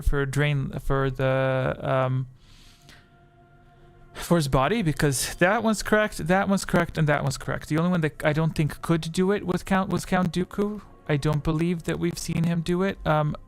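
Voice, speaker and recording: Man rambling through a livestream quiz. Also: on the high side. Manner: rambling, self-correcting, reads chat answers aloud. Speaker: streamer hosting a quiz. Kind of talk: casual livestream quiz chat. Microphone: desk microphone.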